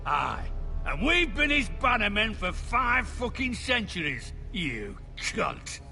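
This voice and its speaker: An actor playing a hostile, foul-mouthed lord in a video game, shouting and swearing. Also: male voice, high-pitched, sing-song, takes it slowly, creaky, soft background music, full character voice. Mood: belligerent. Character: hostile, foul-mouthed northern lord, middle-aged man.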